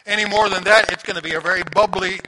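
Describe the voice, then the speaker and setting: A man preaching a sermon in a conversational, animated storytelling manner, asking the listeners questions. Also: high-pitched, fast talker. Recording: audible background noise.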